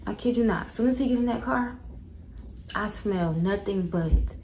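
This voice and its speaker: A young woman tells a storytime in a casual, slangy way and speaks right to her viewers. Her voice sits at a middling pitch with plenty of gravelly fry. There is a faint room hum behind her. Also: moderate pace, low-quality recording. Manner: animated, slangy, talks straight to viewers. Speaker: vlogger.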